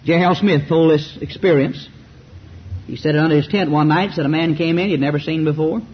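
A man's voice: fairly high pitch, steady tone, brisk. A man with a Southern US accent preaching a fiery sermon full of rhetorical questions and mocking asides. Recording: muffled recording with faint background hiss.

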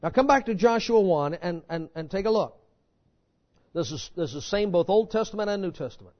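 A man preaching a sermon in a church, with fervent emphasis that swings between loud declarations and low, intense passages. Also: animated, fairly quick. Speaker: pastor. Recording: dull lo-fi sermon recording.

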